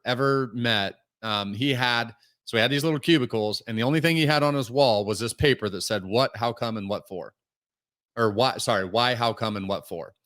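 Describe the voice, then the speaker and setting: A man's voice: medium pitch, fairly bright tone. A man talking casually as a podcast guest, telling stories full of "like" fillers. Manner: storytelling, many fillers like "like".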